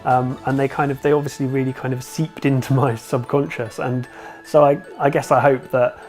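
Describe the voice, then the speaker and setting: A man's voice: mid-range voice, little pitch movement, moderate pace, darkish tone. Hesitant man, faint music behind. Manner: hesitant, with many fillers. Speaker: illustrator. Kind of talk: interview remarks.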